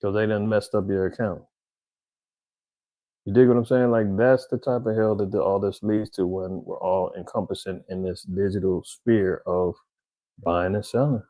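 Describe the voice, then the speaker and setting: A man's voice: lowish voice, steady tone, moderate pace, dark tone, no room sound, low-quality recording. A man giving a casual, rambling commentary in slang, talking straight to his viewers. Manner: conversational, rambling, slangy, addresses viewers directly. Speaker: vlogger commentator.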